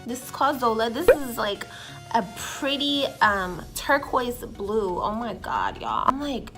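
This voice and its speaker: A woman vlogging a makeup first impression, gushing and excitable, swearing casually and sometimes dropping to an awed whisper. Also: on the high side, takes it slowly, soft background music. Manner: drops to an awed whisper over colors. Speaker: beauty vlogger.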